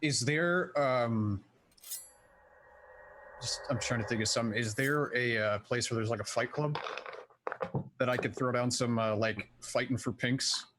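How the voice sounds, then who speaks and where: A man's voice: medium pitch, unhurried, long pauses, noisy background. A man chatting casually as a player at a tabletop game, rambling with many fillers.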